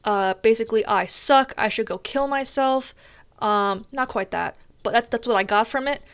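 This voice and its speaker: A young woman streamer chatting casually while gaming, telling a story in an animated way and swearing often. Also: fairly high pitch, normal speed, clear, resonant tone, no room sound.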